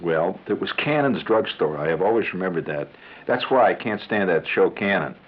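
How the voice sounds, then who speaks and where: A man's voice: low-pitched, animated, moderate pace, breathy edge. A man telling a comic monologue on the radio in a rambling, conversational way with chuckling asides. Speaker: radio storyteller. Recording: tinny 1970s radio broadcast.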